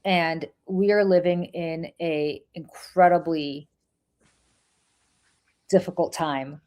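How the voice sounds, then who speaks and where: A woman with a Russian accent co-hosts a political talk show from New York. Her voice sits a little low. She speaks with passion and stresses her words, often stopping and restarting mid-sentence. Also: steady tone, slow, a little mellow. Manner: impassioned, emphatic, full of restarts. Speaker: podcast co-host. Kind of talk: casual political chat.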